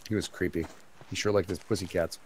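A man's voice: sits low, fairly even intonation, quick pace, slight background noise. A man streaming a co-op game with friends, joking around and breaking into bits of song. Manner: joking, bursts into snatches of song. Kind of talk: casual gaming chat.

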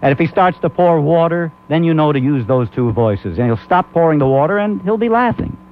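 A man's voice: a little high, expressive, brisk, slight background noise. A man hosting a comic talk radio show, rambling and laughing often. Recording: muffled old AM radio recording.

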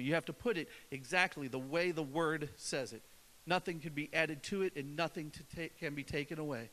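A man's voice: high-pitched, sharp tone. A man preaching a sermon in an earnest way, often repeating and restarting his phrases. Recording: long reverb in a hall.

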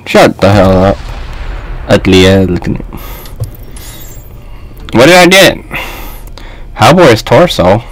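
A man giving loose, excitable gameplay commentary, trash-talking and yelling at his opponent on screen. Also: fairly low pitch, takes it slowly, pauses often, poor audio. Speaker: gaming video host.

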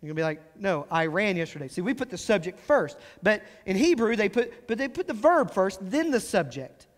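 High-voiced man preaching in a reverberant church. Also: sing-song. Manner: explains scripture with emphatic rises and slow stressed phrases. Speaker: pastor. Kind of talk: sermon. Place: church sanctuary.

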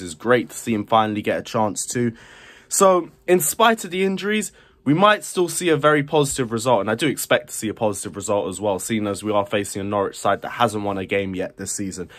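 A young man hosting a football fan vlog, chatting upbeat predictions straight to camera. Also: medium pitch. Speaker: fan channel vlogger.

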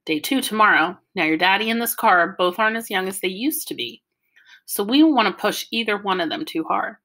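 A woman reading an audiobook, voicing a mother who calmly reads out a carefully organized plan for a family road trip. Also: mid-range voice, brisk. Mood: planning. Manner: orderly, matter-of-fact, explaining.

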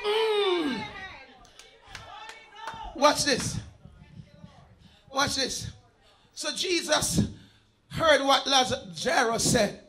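High-voiced, gravelly shouting preacher man. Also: sing-song, slow, pauses often. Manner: shouting, chanting calls to the congregation. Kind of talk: fervent live sermon. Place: church service.

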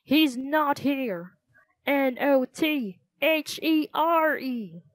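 A woman's voice: a little high, expressive, slow, no echo. A woman voicing a panicking, hysterical male theater owner who wails and pleads frantically. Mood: frantic. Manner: wailing, frantic and dramatic.

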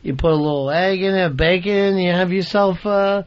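A high-voiced man hosts a radio talk show with profane, sarcastic jabs at his co-workers. The sound is dry and close, with a dull, lo-fi broadcast tone. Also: normal speed, no echo. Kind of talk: crude radio banter. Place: radio studio.

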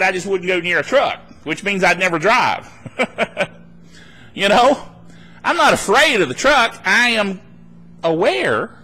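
A male pastor delivering a live sermon at a church meeting. His voice sits high and sounds bright and forceful. He swings his pitch widely as he acts out anxious voices and laughs between his points. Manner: animated preaching, laughing between points, acting out worried voices.

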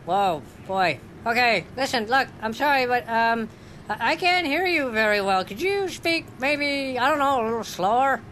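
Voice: mid-range voice, expressive, normal speed, heavy background noise, lightly acted. A performer voicing an exasperated male drive-thru customer who stammers and repeats himself as he keeps trying to get his order through. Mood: confused, pleading. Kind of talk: comic sketch acting.

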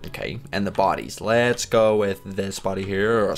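A man's voice: deep voice, measured pace, faint music behind. A young man hosting a casual game commentary, playful and chatty, laughing often. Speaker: gaming video host.

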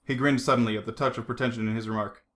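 A man reading a novel aloud as a hobby audiobook narrator, in a lively, animated way. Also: medium pitch, racing. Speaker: audiobook reader.

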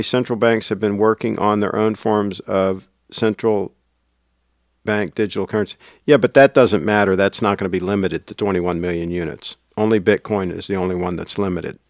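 A man's voice: on the low side, dry recording, studio quality. A man hosting a casual livestream, rambling and reading out viewer comments. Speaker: livestream host.

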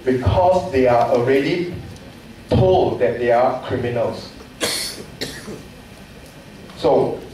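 A man's voice: mid-range voice, mellow. A man from Malaysia, giving an impassioned forum speech full of repeated rhetorical questions. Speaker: forum panelist. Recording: echoey hall, distant mic, faint noise.

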